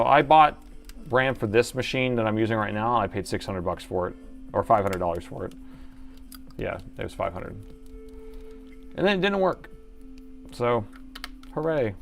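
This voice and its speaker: A man's voice: lowish voice, expressive, a little slow, creaky, pauses often, soft background music. A middle-aged man chatting through a live laptop repair, joking about himself as he works. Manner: chatty and self-mocking, talking while working. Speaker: repair technician streamer. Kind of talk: live repair stream commentary.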